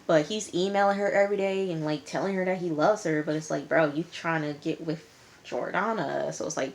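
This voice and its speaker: A woman's voice: sits low, fairly quick, a little hiss or hum. A woman casually recapping a reality TV episode in a chatty, slangy, exasperated way. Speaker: TV show reviewer.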